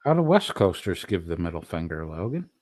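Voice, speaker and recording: A man's voice: deep voice, sing-song, a little fast, darkish tone, a little hiss or hum. A man streaming profane, mocking commentary, swearing constantly and throwing insults at someone in a clip.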